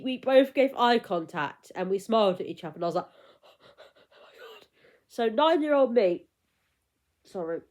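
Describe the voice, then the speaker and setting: A woman's voice: medium pitch, a little mellow. A young woman, chatting casually to camera in a rambling, self-conscious way and often losing her words. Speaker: vlogger.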